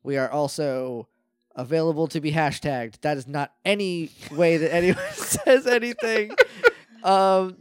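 A man's voice: fairly high pitch, moderate pace, darkish tone, clear, resonant tone, no echo. A man narrating as game master of a tabletop role-playing podcast, loose and chatty with lots of fillers.

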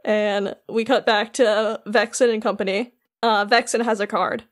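A woman's voice: mid-range voice, fairly even intonation, a little slow. A young woman co-hosting a podcast, casually recapping a story and peppering her talk with "like". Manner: chatty, peppered with "like". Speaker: podcast co-host.

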